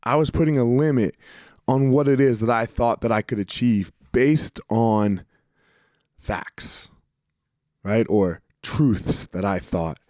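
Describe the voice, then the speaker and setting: A man's voice: medium pitch, slow pace, darkish tone, no echo, studio quality. A man, a former professional fighter, talking casually and motivationally, with blunt swearing and repeated words for emphasis.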